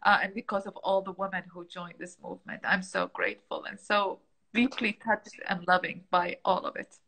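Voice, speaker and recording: Heartfelt, bright-voiced middle-aged woman. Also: mid-range voice, steady tone, moderate pace, low-quality recording. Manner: heartfelt, openly emotional, reflective. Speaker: founder and guest. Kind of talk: emotional conversational interview.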